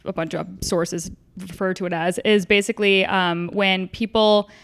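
A woman's voice: mid-range voice, fairly even intonation, normal speed, clean tone. A woman co-hosting a podcast, explaining a topic in a chatty, casual way. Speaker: podcast co-host. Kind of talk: casual chat.

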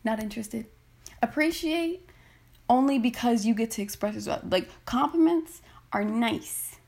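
A woman's voice: fairly high pitch, animated, unhurried, gravelly, darkish tone. A woman podcast host ranting casually and bluntly into her phone, swearing and exasperated.

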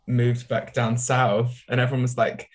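A man co-hosting a podcast, telling relaxed stories with light laughs. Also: mid-range voice, normal speed. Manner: relaxed storyteller with many ums and light laughs. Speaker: podcast co-host. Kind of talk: casual podcast chat.

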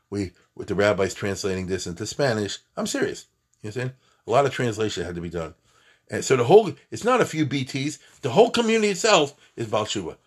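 A man teaching Jewish history in a lively, emphatic classroom talk, full of asides and restarts. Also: medium pitch, breathy edge. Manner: animated, emphatic, conversational with many asides and restarts.

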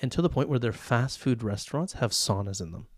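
A man's voice: mid-range voice, expressive, brisk, no room sound, clean studio sound. A man co-hosting a sports podcast, chatting casually and telling joking anecdotes. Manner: chatty, tells anecdotes, jokes around. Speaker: podcast co-host, former pro volleyball player and coach. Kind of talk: casual chat.

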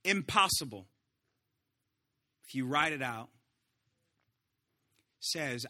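A male pastor preaching a sermon in an animated way, swinging between shouts and hushed asides. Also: mid-range voice, a little slow, long pauses.

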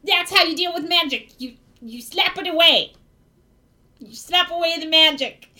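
A woman's voice: extremely high pitch, normal speed, pushed and bright, pitched above the performer's own voice, full character voice. A woman voicing a brash, violent male goblin who lectures bluntly and matter-of-factly. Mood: smug.

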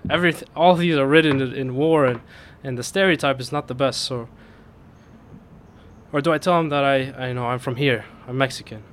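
Guy telling a story to friends, laughing and getting worked up, bit of noise behind. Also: brisk. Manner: laughs through the punchline, voice climbs high with excitement. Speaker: storyteller in a casual podcast chat. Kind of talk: casual chat, animated storytelling.

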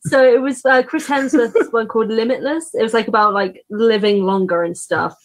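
A woman's voice: on the high side, moderate pace. A woman co-hosting a casual podcast, rambling with many fillers and laughs. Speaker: podcast co-host. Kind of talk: casual chat.

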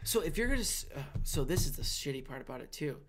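A man's voice: fairly high pitch, big pitch swings, quick pace, fairly bright tone. A man, a stand-up comedian, telling profane stories in casual podcast chat and acting out the people in them. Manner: profane storytelling, acting out quotes. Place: Los Angeles comedy scene.

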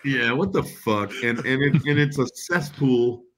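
A man's voice: medium pitch, a little slow, a bit bright. A man, an author guest, chatting casually and swearing, saying "man" a lot. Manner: laid-back, swears, says "man" often. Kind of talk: casual chat.

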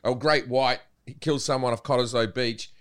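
A man with an Australian accent telling loud, swear-filled anecdotes in casual podcast chat. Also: medium pitch, steady tone, normal speed, smooth. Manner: loud, swearing, does silly voices in anecdotes. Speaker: podcast guest. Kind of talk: casual storytelling.

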